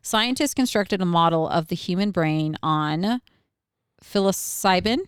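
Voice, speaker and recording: A woman's voice: fairly low pitch, a little slow, clear, resonant tone, no room sound, studio quality. A young woman co-hosting a casual podcast chat, telling a story with lots of fillers and frequent laughter. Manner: animated storyteller, laughs often, many fillers. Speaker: podcast co-host.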